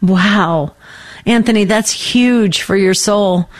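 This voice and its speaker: A woman hosting a faith-based call-in radio show, affirming callers with soft murmurs of agreement. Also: mid-range voice, takes it slowly. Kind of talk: warm call-in radio chat.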